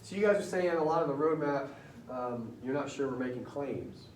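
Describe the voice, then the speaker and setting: A man teaching a class chats with students and keeps firing questions at them, speaking at a normal pace in a medium-pitched, slightly mellow voice. The recording picks him up from far off in a reverberant room, with a touch of hiss or hum.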